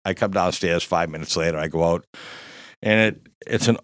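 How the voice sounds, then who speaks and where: A man's voice: low-pitched, moderate pace, no room sound, studio quality. A man in his fifties telling a rowdy, profane story in casual chat, laughing as he goes. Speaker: guest storyteller.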